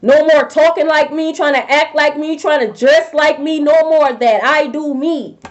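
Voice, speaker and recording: A woman's voice: high voice, fairly even intonation, normal speed. A young woman doing a live-stream tarot reading, talking bluntly and confrontationally with a lot of cursing. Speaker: tarot reader. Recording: dull lo-fi stream audio.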